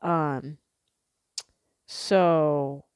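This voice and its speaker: A woman's voice: sits low, steady tone, very slow, darkish tone, clear, resonant tone, dry recording. A young woman from the Midwest chatting casually to camera as a vlogger, rambling with lots of fillers and the odd swear word.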